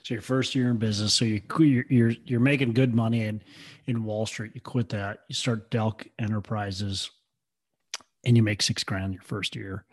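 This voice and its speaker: A man's voice: lowish voice, steady tone, moderate pace. A man hosting an interview, recapping the guest's story and asking short follow-up questions. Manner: brief affirmations, recaps before questions. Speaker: interview host. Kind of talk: casual interview.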